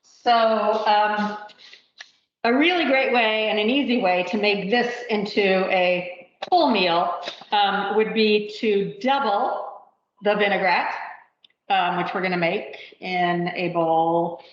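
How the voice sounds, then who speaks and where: A woman's voice: mid-range voice, slow, a little hiss or hum. A woman teaching a live cooking demonstration, chatting and thinking aloud with plenty of fillers. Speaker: cooking instructor. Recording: roomy, dull lo-fi livestream audio.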